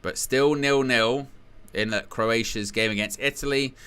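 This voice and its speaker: A man calls a football match live for a watchalong. His voice is bright and forceful, with a smooth, crisp tone. He talks casually and rambles into jokey asides between the action. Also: medium pitch, measured pace.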